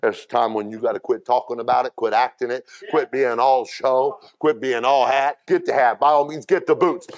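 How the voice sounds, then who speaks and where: Gravelly man preaching a folksy sermon. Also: steady tone, moderate pace, few pauses. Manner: preaching that swings from low and quiet to loud shouting; folksy, with cowboy talk. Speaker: pastor.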